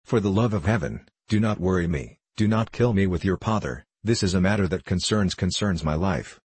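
A man's voice: sits low, a little fast, a little mellow, husky, dry recording. A man reading the part of a timid, peevish elderly village curate, fretful and pleading.

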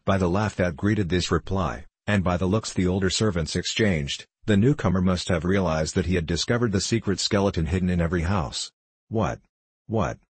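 Deep husky guy narrating an old novel, dry close sound. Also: a little fast, few pauses, dry recording. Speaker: audiobook narrator. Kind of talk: scripted narration.

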